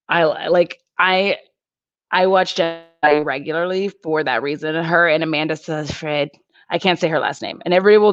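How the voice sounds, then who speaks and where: A woman with a low, fairly bright voice chats casually with viewers on a YouTube live stream, giggling, rambling, and using lots of fillers between thoughts. The recording is dry with no room sound, and the quality is lo-fi.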